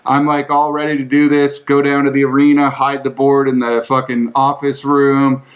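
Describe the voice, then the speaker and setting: A man's voice: medium pitch, monotone, normal speed, lo-fi sound. A man hosting a podcast, answering listener questions with casual, rambling storytelling, swearing often and filling his talk with "like". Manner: profane, rambling, full of "like".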